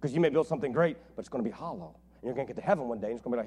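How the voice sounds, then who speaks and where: A man's voice: mid-range voice, lively intonation, racing, a little mellow, husky. A male pastor preaching a sermon in a conversational way, repeating his key points for emphasis.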